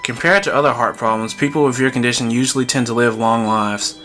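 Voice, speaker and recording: A man voicing a calm middle-aged male hospital doctor who explains things in a measured, reassuring way. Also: medium pitch, soft background music, lightly acted.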